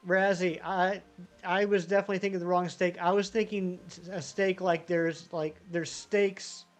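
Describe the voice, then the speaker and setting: Streamer voice, mid pitch, casual rambling chat with viewers, faint music underneath. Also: fairly even intonation, normal speed. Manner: rambling, chatty, reads and answers chat. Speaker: live-streaming gamer.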